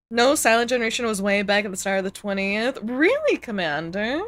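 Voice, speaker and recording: A woman streamer in casual live-stream chat, animated, groaning and laughing as she reacts to clips. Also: on the high side, moderate pace, few pauses.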